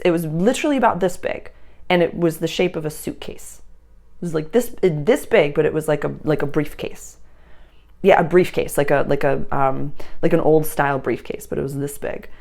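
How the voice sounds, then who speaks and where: Woman, astrology reading, low voice, vocal fry, rambling and effusive. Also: darkish tone. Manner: effusive and rambling, many "like"s and restarts. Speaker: astrology reader. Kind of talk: casual astrology reading to camera.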